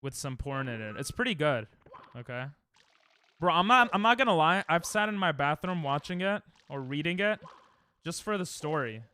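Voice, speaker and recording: Young guy streaming games at home, sarcastic crude banter w chat, voice jumps all over, bright edge. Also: a little high, sing-song, normal speed, smooth. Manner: frustrated outbursts at the game. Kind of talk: live game stream commentary.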